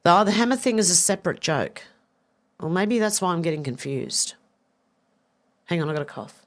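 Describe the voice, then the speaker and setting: Her voice sits lowish and animated at a moderate pace as this woman in her 50s runs a laid-back live stream. Going through viewers' comments, she swears, mocks herself, chats freely, and ends up laughing and confused over a joke.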